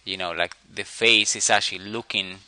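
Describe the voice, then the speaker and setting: A man giving an animation critique, thinking aloud as he draws and pausing often on fillers. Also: lowish voice, fairly even intonation, sharp tone, clear, resonant tone, dry recording, rough recording. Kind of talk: portfolio critique while drawing.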